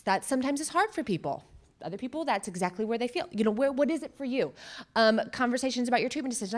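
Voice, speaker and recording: Animated woman therapist giving a workshop talk. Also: fast. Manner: animated, acting out quoted remarks with jumps in pitch and loudness; conversational, with direct questions to the audience. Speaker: cancer psychotherapist. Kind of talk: workshop presentation to an audience.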